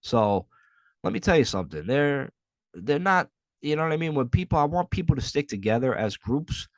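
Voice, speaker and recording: A man's voice: a little high, very animated, moderate pace, no echo. A young adult man hosting a podcast solo, telling a rambling, profane story in a casual way. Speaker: podcast host.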